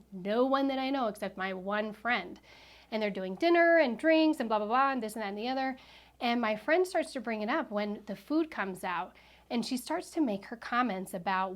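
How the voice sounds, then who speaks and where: A woman in her thirties telling a personal story in a chatty vlog, animated, with frequent fillers and self-corrections. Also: a little high. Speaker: vlogger.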